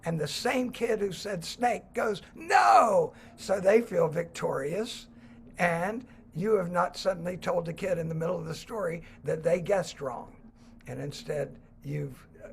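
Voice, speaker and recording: A man telling a children's story and explaining it, animated and acting out the voices. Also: fairly high pitch, creaky, slight background noise. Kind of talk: storytelling talk.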